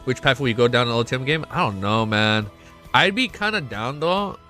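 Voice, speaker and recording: A young man hosting a casual livestream, excitable and swearing often, reading chat aloud. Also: mid-range voice, a little fast. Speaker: livestream host. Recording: faint music behind.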